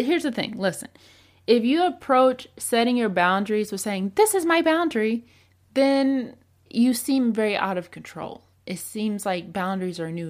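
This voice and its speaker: A young adult woman hosting a podcast, talking casually and giving advice, acting out the lines of a story as she tells it. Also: medium pitch. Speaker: podcast host.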